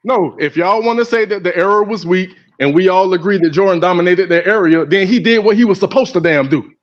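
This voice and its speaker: A man's voice: sits high, a little fast, muffled recording. A man in his forties on a sports debate panel, bluntly insisting on making his point. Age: 40s. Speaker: podcast panelist.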